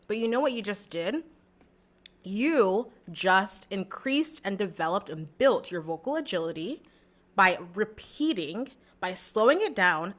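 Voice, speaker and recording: Young woman voice coach walking you thru a riff, chatty and encouraging, sings little demo notes, mid pitch. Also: a bit bright. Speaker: vocal coach. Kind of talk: singing lesson, demonstrating.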